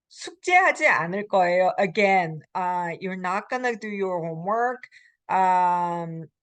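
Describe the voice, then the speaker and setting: A woman's voice: mid-range voice, fairly bright tone. A woman professor giving a recorded language lecture. She explains with many fillers and acts out example phrases. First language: Korean. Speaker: college Korean language professor.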